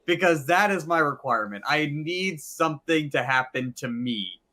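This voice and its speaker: Bright-voiced skeptical podcast co-host man. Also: fairly high pitch, normal speed. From Savannah, Georgia. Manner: animated, swearing, self-styled skeptic. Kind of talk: casual chat.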